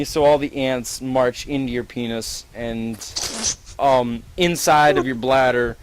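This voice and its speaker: A man's voice: mid-range voice, fairly even intonation, a little slow, slight background noise, low-quality recording. A man improvising a rambling, profane, gleefully gross story to a friend, full of "like"s.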